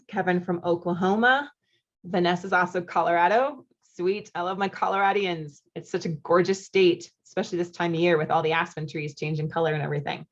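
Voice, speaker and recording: A chatty, upbeat American woman in her thirties hosts a live online coaching class over a computer mic, greeting viewers from the chat. Her voice sits a little low, and the webinar audio is dull and lo-fi. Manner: chatty and upbeat, with quick laughs and friendly asides. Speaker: marriage coach hosting a live online masterclass. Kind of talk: live webinar, reading chat comments aloud.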